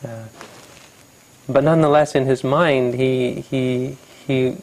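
Gravelly, halting Buddhist storyteller man. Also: medium pitch, fairly even intonation, a little mellow, rough recording. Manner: halting, self-correcting, reflective. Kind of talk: storytelling dharma talk.

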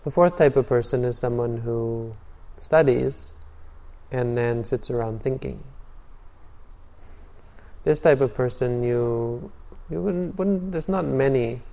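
Speaking slowly at a medium pitch, a man teaches meditation in a Buddhist dharma talk with calm storytelling. His voice is dark and mellow; he frequently restarts and repeats words, and everything fades into a long hall reverb.

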